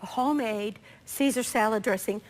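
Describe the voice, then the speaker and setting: A woman hosting a live cooking demonstration, her voice raspy from allergies, chatting homily with viewers. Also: on the high side, normal speed. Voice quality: chatty, homey, talks to viewers directly. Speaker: cooking show host.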